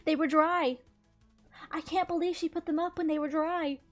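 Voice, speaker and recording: A young woman chats on her stream as she plays, her voice sitting high. She tells her stories with animated, giggly energy. Faint game music runs quietly underneath. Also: moderate pace. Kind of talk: casual chat while gaming.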